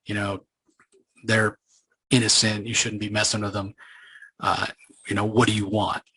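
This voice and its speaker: A man's voice: lowish voice, flat delivery, normal speed, pushed and bright, breathy edge, poor audio. A man voicing a brooding undead male antihero who talks bluntly and defensively, paraphrased while reading a comic aloud. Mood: defiant.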